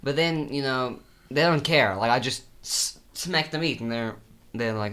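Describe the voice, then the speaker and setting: A man chats on a comedy podcast with a bright, sharp voice. He rushes through a silly story and fills it with "like" and restarts. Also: mid-range voice, clean tone. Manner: fast, excitable storytelling with lots of fillers. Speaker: podcast co-host. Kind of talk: casual comedic chat.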